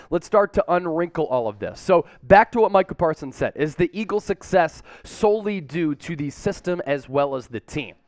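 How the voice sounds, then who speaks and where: A man hosting a sports news show, giving energetic, emphatic fan commentary. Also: fairly high pitch, smooth, no echo, clean studio sound. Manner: emphatic, hyped-up fan delivery.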